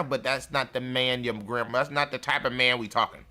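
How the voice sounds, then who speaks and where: Sharp-toned man ranting bluntly. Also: mid-range voice, steady tone, fairly quick. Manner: blunt, profane, mocking, laughs at his own jokes. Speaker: show host. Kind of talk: ranting livestream monologue.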